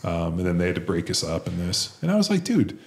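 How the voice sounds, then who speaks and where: Deep voiced guy rattling off cussing football stories fast, real casual. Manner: profane, animated storyteller. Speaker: podcast host, former football lineman. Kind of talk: casual chat, storytelling.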